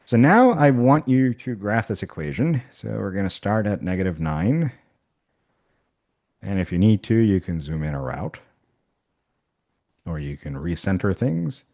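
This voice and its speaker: A lowish, sing-song male voice with vocal fry and a darkish tone moves at a measured pace and pauses often. He's a math instructor walking colleagues through an online activity during a workshop software demo, casually thinking aloud with fillers and restarts.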